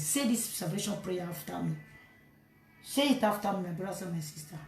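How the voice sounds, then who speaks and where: A woman's voice: mid-range voice, brisk, a little mellow, echoey room, slight background noise. A woman preaching a sermon and leading a salvation prayer, talking in an earnest, repetitive, exhorting way.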